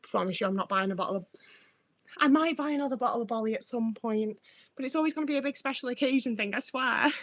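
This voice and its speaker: A woman's voice: fairly high pitch, fast talker, a bit bright, no echo. A young woman with a Northwest English accent, chatting casually and self-mockingly with viewers from her home, with plenty of swearing. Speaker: streamer. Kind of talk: casual livestream chat with viewers.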